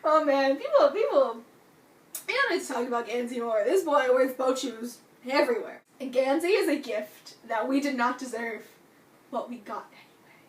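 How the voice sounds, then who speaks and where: A young adult woman reviewing a book in casual vlog talk, gushing and excitable, full of "like" and "you know". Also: high-pitched, normal speed. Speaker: book vlogger. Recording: echoey room, distant from mic.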